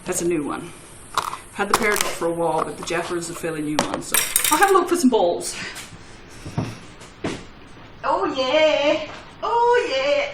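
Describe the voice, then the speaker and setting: A woman's voice: lowish voice, sing-song, fast talker. Woman, casual crafting chat, self-mocking, talks to viewers, faint hiss behind. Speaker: soap-making channel host.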